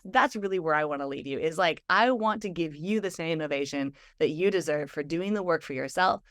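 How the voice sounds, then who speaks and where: Animated woman guest, low-pitched, chatty, lots of fillers, dry close sound. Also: no echo. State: emotional, near tears. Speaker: guest, stress physiologist and speaker. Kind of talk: storytelling in conversation.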